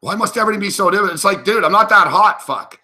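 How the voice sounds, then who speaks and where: A man's voice: high voice, expressive, quick pace, pushed and bright. Agitated, foul-mouthed male betting host. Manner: profane, agitated and rambling; talks to himself while placing bets. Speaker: sports betting show host. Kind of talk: live betting chat.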